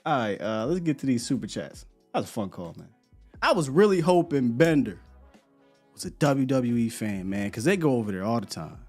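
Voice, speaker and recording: A man's voice: medium pitch, very animated, brisk, darkish tone, soft background music. Laid-back man hosting a sports show. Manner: loose, laughing, repeats words. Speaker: sports podcast host. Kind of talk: casual live-stream chat.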